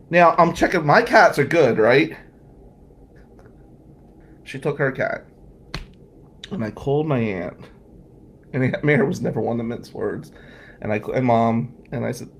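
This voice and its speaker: A man's voice: mid-range voice, measured pace, long pauses, slight background noise. A man in his forties telling a rambling, profane personal story to his viewers in a casual vlog. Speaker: vlogger.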